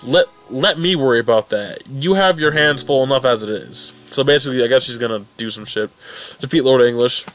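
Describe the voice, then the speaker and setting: Rambling, excitable young man recapping. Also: medium pitch, a little fast, soft background music. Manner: rambling, excitable, lots of swearing and restarts. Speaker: fan recap vlogger. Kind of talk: casual recap commentary.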